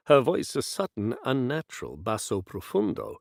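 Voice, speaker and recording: A man narrates an audiobook slowly and expressively. His voice has a gravelly edge and moves freely up and down. The recording is dry and close. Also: lowish voice, no room sound. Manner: slow, expressive storytelling. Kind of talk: scripted narration.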